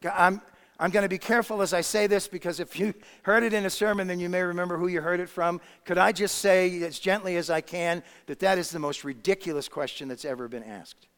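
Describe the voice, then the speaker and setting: A pastor preaching a sermon, swinging between loud emphasis and hushed quiet. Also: male voice, high voice, steady tone, fairly quick, clear, resonant tone. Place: church sanctuary. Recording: long hall reverb.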